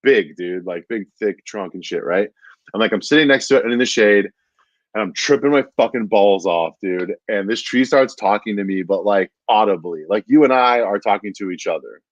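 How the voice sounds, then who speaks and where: A man's voice: on the low side, normal speed, no room sound. A man, a stand-up comedian, telling a rambling story in casual chat, with plenty of "like" and "dude". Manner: rambling, says "dude" constantly, many fillers. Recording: dull lo-fi dry sound.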